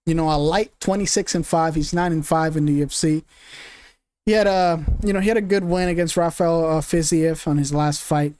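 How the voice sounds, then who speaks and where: A man's voice: a little high, fairly quick, darkish tone, clear, resonant tone, no room sound. A young man streaming casual commentary, rambling, cursing, laughing often and groping for names.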